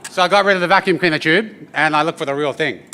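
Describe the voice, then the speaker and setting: A man's voice: fairly high pitch, fast talker, sharp tone, slight background noise. An Australian man, an artist, tells funny stories and demonstrates an instrument at a corporate briefing, often ending his lines with "yeah?". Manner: joking, chatty, often ends with "yeah?" and "eh?". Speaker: artist giving a talk and didgeridoo demonstration. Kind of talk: humorous storytelling presentation. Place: corporate event space at a briefing.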